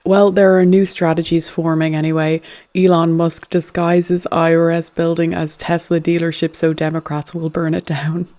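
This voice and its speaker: A woman hosting a casual comedy commentary, sardonic and amused, who laughs often. Her voice is low and mellow. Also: little pitch movement, normal speed. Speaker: host.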